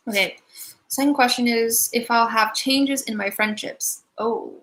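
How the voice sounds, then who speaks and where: A woman's voice: fairly high pitch, slow pace. A woman giving a live-stream angel card reading, chatty and giggly, full of likes and ums.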